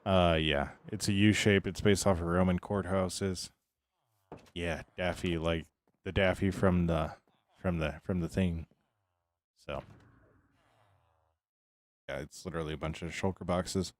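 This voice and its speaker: A man's voice: low voice, steady tone, unhurried, pauses often, dry recording. A man giving casual livestream commentary as a game streamer, rambling along and answering his chat between remarks.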